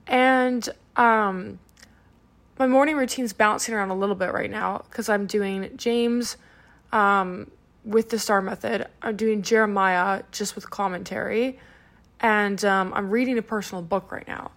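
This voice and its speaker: A woman's voice: medium pitch, fairly even intonation, unhurried, fairly bright tone. Chatty young woman hosting a podcast. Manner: chatty, many "um"s and "like"s. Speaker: podcast host. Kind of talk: casual devotional podcast talk.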